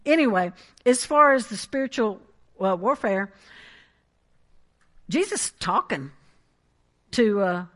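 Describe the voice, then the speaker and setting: A woman preaching a sermon in an animated, emphatic way, with asides and laughs. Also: medium pitch, takes it slowly, long pauses.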